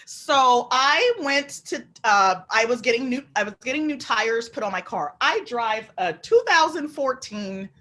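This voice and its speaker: A woman telling lively stories as a guest on a video call, acting out the people in them. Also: on the high side, unhurried, hardly any pauses. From Omaha, Nebraska. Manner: lively, acts out voices in her anecdotes. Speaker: guest author. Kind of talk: animated storytelling on a video call.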